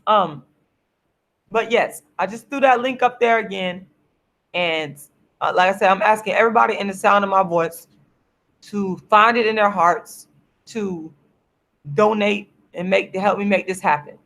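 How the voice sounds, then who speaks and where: A tired, sleepy woman hosting a casual livestream, speaking in an earnest, repetitive, drawn-out way to viewers through her camera. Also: medium pitch, a bit bright. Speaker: livestream host.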